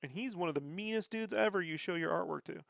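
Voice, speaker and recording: Male host, rambling profane storyteller, slightly high gravelly voice. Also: fast, fairly bright tone, no echo, studio quality. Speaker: podcast host. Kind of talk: casual chat.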